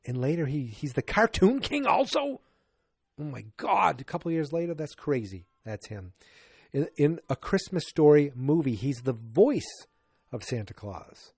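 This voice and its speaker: A man hosting a podcast, recapping an old sitcom episode in a rambling, excitable way. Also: mid-range voice, husky, dry recording, clean studio sound. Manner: rambling, excitable, frequent restarts. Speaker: podcast host.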